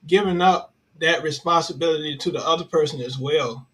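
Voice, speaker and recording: A man in a casual group discussion, speaking in a relaxed, agreeable way and filling his talk with "you know.". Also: a little high, fairly quick, low-quality recording. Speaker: discussion participant.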